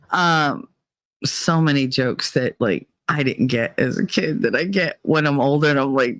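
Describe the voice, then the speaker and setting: A woman's voice: deep voice, sing-song, measured pace, pauses often, fairly bright tone, dry recording. Swearing, chatty woman host. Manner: swearing, laughing, jumps from topic to topic. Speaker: livestream host. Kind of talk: casual chat reading viewer comments. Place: dark cramped corner of a room.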